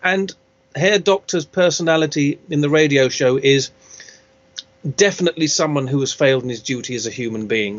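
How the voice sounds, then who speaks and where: In a casual video-call interview, a steampunk maker talks in a hesitant, self-deprecating way and often trails off. His voice is on the high side, animated, and a little fast, and the sound is lo-fi.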